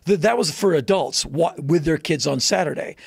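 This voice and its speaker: A man with a fairly high, gravelly and husky voice tells a story in casual podcast chat. He gets animated and jumps into loud high voices when he quotes people. The sound is dry and close to the mic. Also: normal speed, no room sound. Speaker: podcast guest.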